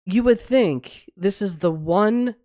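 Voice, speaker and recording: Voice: medium pitch, slow pace, mellow, dry recording, studio quality. A podcast co-host ranting in a heated, blunt way with plenty of swearing during a casual discussion. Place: livestreamed online podcast.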